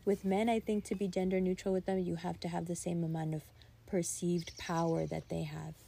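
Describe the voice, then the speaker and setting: A young adult woman chatting casually, telling stories in a rambling, animated way full of "like" and laughter. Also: on the low side, a little fast, gravelly, husky. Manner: rambling, animated storytelling with frequent "like" and bursts of laughter. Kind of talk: casual chat.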